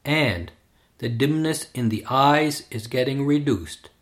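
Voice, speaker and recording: Slow, measured male narrator. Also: mid-range voice, animated. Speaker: reader. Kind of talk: scripted narration of a memoir.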